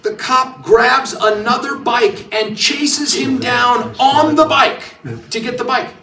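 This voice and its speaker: A man's voice: extremely high pitch, slow, creaky, faint music behind. A man giving a speech as district attorney to a political club, telling stories and acting out the quotes. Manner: animated storytelling, acting out quotes. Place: meeting hall. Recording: echoey room, mic at a distance.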